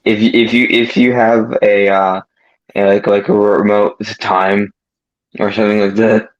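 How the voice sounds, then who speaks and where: A man with a fairly low voice stammers through a casual voice-call chat and keeps restarting his phrases. His audio comes through dull and lo-fi. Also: little pitch movement, normal speed.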